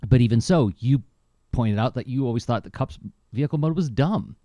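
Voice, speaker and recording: A middle-aged man co-hosting a podcast in casual chat, an enthusiastic storyteller whose voice jumps up when excited. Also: fairly quick, dry recording. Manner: animated, enthusiastic storyteller with lively pitch jumps. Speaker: podcast co-host.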